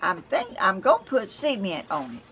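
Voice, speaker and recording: A woman's voice: on the low side, expressive, slow pace, gravelly, fairly bright tone, a little hiss or hum. An older woman with a Southern accent, chatting to camera in a rambling, homey way as a crafts vlogger, often restarting her sentences, outdoors at home. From Georgia, US. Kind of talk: casual chat to camera.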